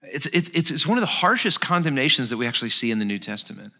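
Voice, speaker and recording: Bright, animated male preacher. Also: medium pitch, fast talker. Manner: expressive, dramatizing the text. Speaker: pastor. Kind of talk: sermon.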